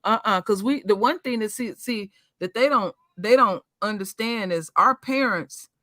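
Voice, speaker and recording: A man's voice: high voice, pushed and bright, no echo, studio quality. A man co-hosting a talk show, chatting casually and emphatically, often repeating words as he talks. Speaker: radio show co-host. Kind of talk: casual chat.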